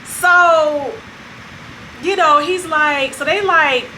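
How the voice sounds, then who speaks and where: A woman hosting her own vlog, telling a story in a casual, animated way and acting out what other people said. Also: high voice, very slow, slight background noise, poor audio. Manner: animated retelling that acts out other people's lines. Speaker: vlog host.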